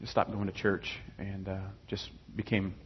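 A husky young man with a lowish voice talks casually through his own faith story. He rambles, restarts and fills pauses with ums. The recording sounds dull and lo-fi. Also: level tone. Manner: rambling, many fillers and restarts. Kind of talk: casual personal testimony.

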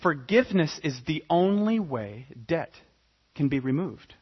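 A man preaching a sermon with a husky, somewhat high voice. He swings dramatically between loud, pressing emphasis and soft, hushed asides. The sound is a little dull and muffled. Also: very animated, unhurried. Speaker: pastor.

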